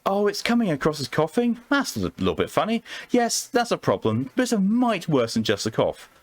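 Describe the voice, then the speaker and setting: A man voicing a sickly, flirtatious female entity who drawls and teases, in a high falsetto. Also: animated, rapid-fire. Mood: teasing. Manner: teasing, calls listener sugar and honey.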